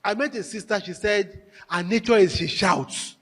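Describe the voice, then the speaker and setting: A man giving a marriage workshop talk to a live audience, telling stories with animated, emphatic repetition. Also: sits high, moderate pace. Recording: echoey hall with long reverb.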